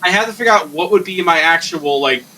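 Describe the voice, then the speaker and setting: Rambling high-voiced young man. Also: animated, fast talker, pushed and bright, slight background noise. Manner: rambling, many restarts, swearing. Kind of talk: casual gaming chat.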